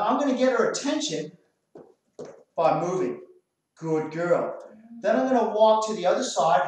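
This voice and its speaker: An Australian man, a dog trainer, explains a drill while giving firm short commands to dogs. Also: high voice. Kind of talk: hands-on training demonstration. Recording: very echoey, far from the mic.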